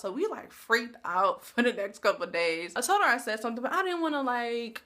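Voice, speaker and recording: Young woman vlogger telling a story, blunt and slangy, bright highish voice. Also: expressive, brisk, hardly any pauses. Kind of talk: casual storytelling.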